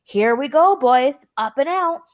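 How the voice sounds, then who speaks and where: A woman voicing a cheerful, eccentric male candy-maker in a storybook read-aloud, brisk, playful and confident. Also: on the high side, very animated. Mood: gleeful.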